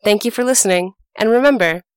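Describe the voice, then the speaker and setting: A woman hosting a podcast, reading folk tales aloud in an animated, expressive storytelling style. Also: mid-range voice, fast, clear, resonant tone. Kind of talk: scripted storytelling narration.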